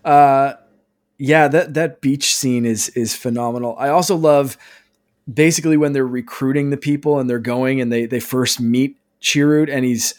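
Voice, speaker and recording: A man's voice: medium pitch, steady tone, normal speed. A man hosting a podcast in casual chat, easygoing, steering the conversation and asking his guests questions. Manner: easygoing, steers the talk, chuckles while recounting. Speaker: podcast host.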